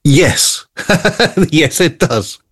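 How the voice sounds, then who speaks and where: A man co-hosting a radio show, presenting gadget stories in an easy chatty way with quick jokes. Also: on the high side, very animated, fairly bright tone, breathy edge. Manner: chatty, explains then jokes and laughs. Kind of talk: casual radio chat. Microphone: studio mic.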